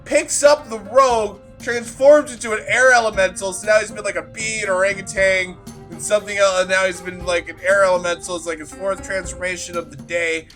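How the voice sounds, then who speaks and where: A man with a high voice tells a tabletop game recap as its game master. His telling is loose and rambling, with lots of filler and swearing. Now and then he breaks into sudden loud bursts. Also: fairly even intonation, a little fast, faint music behind. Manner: rambling and profane, full of "like" fillers. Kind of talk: casual session recap storytelling.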